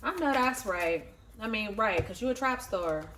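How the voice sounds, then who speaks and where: A woman giving a casual tarot reading to her viewers, excitable, swearing freely and laughing often. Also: medium pitch, unhurried, noisy background. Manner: excitable, profane, talks straight to viewers. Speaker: tarot reader.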